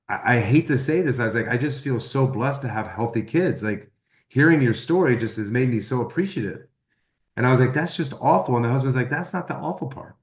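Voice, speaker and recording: A man telling a personal testimonial story, acting out the dialogue he quotes in an animated way. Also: medium pitch, reverberant. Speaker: testimonial speaker.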